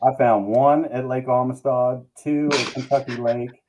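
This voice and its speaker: A man's voice: medium pitch, steady tone, unhurried, noisy background. A man who is a guest on a live fishing show, telling long rambling stories in casual chat. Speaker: guest, tournament angler. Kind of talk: casual storytelling.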